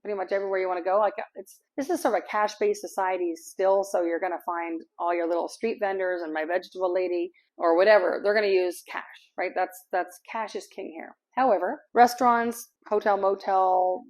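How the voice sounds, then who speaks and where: A woman's voice: medium pitch, fairly even intonation, brisk, few pauses, darkish tone. A middle-aged woman from Canada, chatting casually to camera as an expat vlogger, rambling a little and laughing easily.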